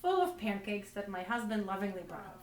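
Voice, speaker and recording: A woman's voice: medium pitch, very animated, a little fast. A woman doing stand-up, telling self-deprecating stories in a rambling way full of restarts. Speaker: stand-up comedian. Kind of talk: stand-up comedy storytelling. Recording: roomy, distant mic.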